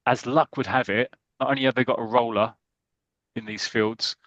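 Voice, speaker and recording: Man, from Britain, podcast co-host, casual chat, animated storytelling, dry close mic. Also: mid-range voice, no echo, dull audio. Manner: animated storytelling with quick asides. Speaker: podcast co-host retelling a comic.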